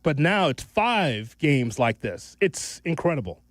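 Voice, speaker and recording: A man's voice: fairly high pitch, sing-song, measured pace, dry recording. A man co-hosting a morning sports radio show, opening the hour in an upbeat sing-song delivery. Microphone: studio microphone.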